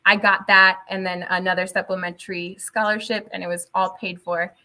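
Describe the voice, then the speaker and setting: Bright-voiced woman telling lively stories. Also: mid-range voice, normal speed. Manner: animated storytelling, laughs often, switches into Spanish. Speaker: teacher guest. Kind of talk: casual interview chat.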